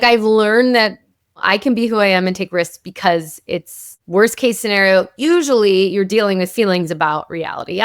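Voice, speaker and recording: A woman's voice: mid-range voice, a bit bright, smooth, no room sound, studio quality. A woman psychotherapist and author, a guest in an interview, explaining ideas in a flowing, casual way and often checking in with "like" and "right?".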